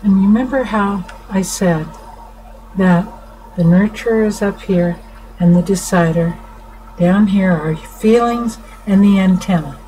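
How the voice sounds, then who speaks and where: A middle-aged woman counselor explaining to viewers in an informal talk, unhurried, restarting her sentences often. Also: medium pitch, warm tone, low-quality recording. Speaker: family counselor. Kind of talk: informal teaching talk to camera. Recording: faint background noise.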